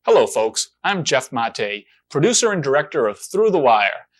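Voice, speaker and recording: A man's voice: medium pitch, very animated, moderate pace. A man, the show's producer and host, delivering an indignant, sarcastic comedic rant to camera.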